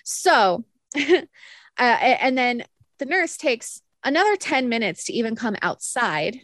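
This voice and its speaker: A young woman telling a story on a podcast, animated and laughing often as she acts out what others said. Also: a little high, measured pace, no echo. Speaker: podcast co-host. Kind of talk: casual storytelling chat.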